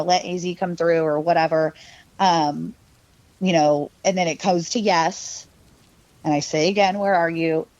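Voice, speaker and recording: A woman tells a scary personal story in a loose, rambling podcast chat, full of fillers and little laughs. Her voice sits on the low side. The recording is dry and slightly dull, with no room sound. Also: dry recording. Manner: mimics her younger self and cousin in quoted lines. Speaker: podcast guest. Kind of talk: casual storytelling.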